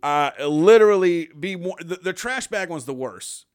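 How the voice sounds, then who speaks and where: A man's voice: high-pitched, animated, normal speed, smooth. A man co-hosting a podcast, talking casually with lots of swearing and false starts. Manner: profane, rambling, frequent restarts. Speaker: podcast co-host. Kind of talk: casual chat.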